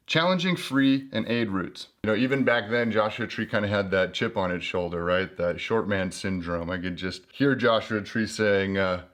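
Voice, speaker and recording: A man's voice: low-pitched, moderate pace, hardly any pauses, fairly bright tone. A man hosting a casual book review video, chatting and joking as he flips through an old guidebook.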